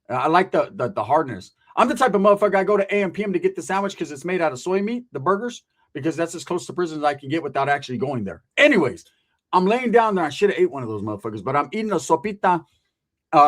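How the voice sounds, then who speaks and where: A man and former convict telling a story in casual, profane street slang, animated, swearing and laughing at his own jokes. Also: a little high.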